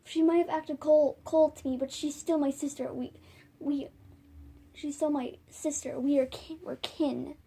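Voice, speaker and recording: A woman's voice: high-pitched, fairly even intonation, measured pace, creaky, mellow. A woman voicing a loyal she-cat warrior. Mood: earnest.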